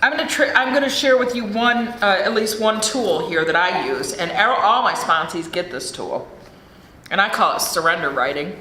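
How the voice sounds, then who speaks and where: In a large hall, a middle-aged American woman gives a blunt, swear-filled recovery talk at a podium microphone. Her mid-range voice has lively intonation and a sharp tone at normal speed, and the recording carries echo and faint room noise.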